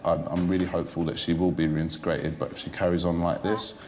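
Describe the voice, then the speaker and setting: Very deep, flat-voiced male teacher. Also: quick pace. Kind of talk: interview.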